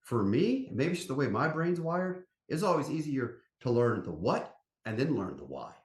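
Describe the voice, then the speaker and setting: A man with a drawl talks as an interview guest, folksy and emphatic, his pitch swinging widely as he tells his stories. His voice carries a noticeable room echo. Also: normal speed. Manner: animated storyteller, folksy and emphatic. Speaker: company CEO, podcast guest. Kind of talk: casual interview chat. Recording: roomy echo.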